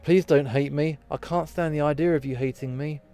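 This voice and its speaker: Brief: man voicing an oversensitive young reindeer girl from a visual novel, emotional and shrill. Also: steady tone, a little fast, dark tone, smooth, faint music behind, close to an everyday voice. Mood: tearful. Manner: indignant, then tearful and babbling.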